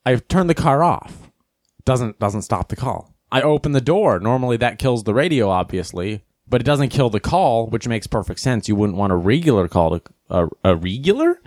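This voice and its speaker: A man hosts a casual podcast, and his pitch swings widely as he tells stories. He acts out other people's lines in squeaky high voices. The sound is dry and close, with no room echo. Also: very animated, moderate pace, darkish tone. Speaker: podcast host. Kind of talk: casual comedic storytelling and news commentary.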